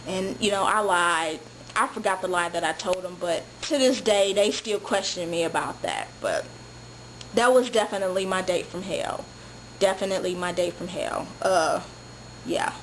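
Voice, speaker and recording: A young woman from St. Louis casually telling a story to camera, animated and acting out the people in it. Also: on the low side, normal speed, a little hiss or hum, rough recording. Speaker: vlogger.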